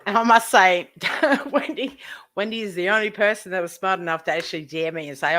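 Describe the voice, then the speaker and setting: A woman's voice: mid-range voice, lively intonation, brisk, fairly bright tone. A woman live streamer ranting to her chat, indignant, swearing heavily and repeating herself.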